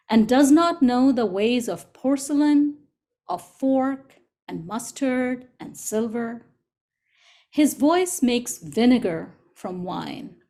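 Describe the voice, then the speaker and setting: A woman reads a poem aloud over a video call, taking each line slowly and deliberately. Her voice sits a little high, and her manner stays gentle and unhurried throughout. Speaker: co-facilitator. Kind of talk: slow poetry reading.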